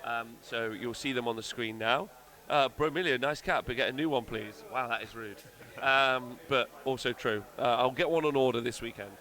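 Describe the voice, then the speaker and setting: A man's voice: medium pitch, moderate pace, pushed and bright. A man hosting a live stream, chatting upbeat and thanking viewers as he walks through the lineups. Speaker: stream host and commentator.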